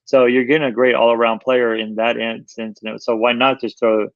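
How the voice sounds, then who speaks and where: A man co-hosting a sports talk show, rambling emphatically and repeating himself. His voice is gravelly and fry-laden, and it comes through dull, lo-fi and dry. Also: medium pitch, level tone, moderate pace, dry recording. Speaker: sports podcast co-host.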